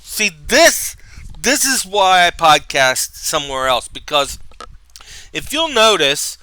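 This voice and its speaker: A middle-aged man hosting a rambling, self-mocking podcast from home, goofy and excitable, laughing at himself. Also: high voice, slow pace, smooth. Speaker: podcast host. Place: home room. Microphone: camera mic.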